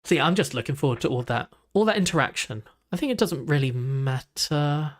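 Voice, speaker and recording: A man's voice: fairly high pitch, lively intonation, brisk. A young man, chatting casually while reacting to videos, rambling with lots of "like" and restarts.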